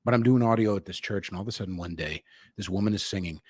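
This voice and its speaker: A young man hosting a livestream, talking in a profane, slangy, swaggering way and jumping between loud outbursts and low asides. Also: fast talker, slightly rough, dry recording, studio quality. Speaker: livestream host. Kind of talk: unscripted livestream rant.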